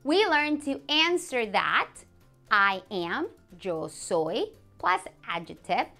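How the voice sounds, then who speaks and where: A woman teaching a beginners' language lesson, a native Spanish speaker who says example phrases slowly and clearly and praises the learner. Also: fairly high pitch, very animated, bright, forceful tone, faint music behind. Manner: clear, slow modeling of example phrases, encouraging.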